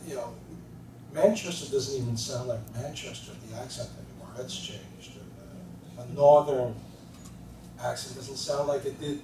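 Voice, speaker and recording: A man making a hesitant, thoughtful comment on a panel, stopping often to search for words. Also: medium pitch. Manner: hesitant, thoughtful, many fillers. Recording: distant echoey mic with noise.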